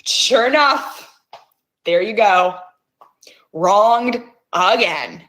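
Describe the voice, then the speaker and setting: A woman's voice: mid-range voice, takes it slowly, pauses often, a bit bright. A middle-aged woman hosting, coaxing listeners with intense words and frequent swearing. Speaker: host. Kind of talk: guided emotional release session.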